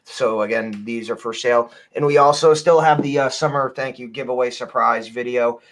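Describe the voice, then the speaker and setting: A man co-hosting a casual livestream. He delivers upbeat, chatty plugs for merch and giveaways. His pitch sits in an ordinary middle range. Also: fairly even intonation, normal speed, a bit bright. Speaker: co-host.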